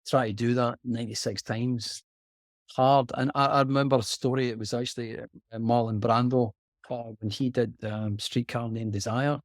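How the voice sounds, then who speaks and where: Middle-aged Scottish actor on a video call; earnest, reflective talk with a gravelly edge. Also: male voice, mid-range voice, steady tone, no room sound, studio quality. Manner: earnest, heartfelt, halting. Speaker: guest actor. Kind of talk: reflective conversation.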